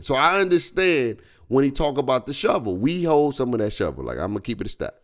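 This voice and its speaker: A man's voice: medium pitch, brisk, few pauses. A man streaming, ranting in a loose, slangy way and laughing as he goes. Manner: animated, slangy, laughing as he rants. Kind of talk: reaction stream rant.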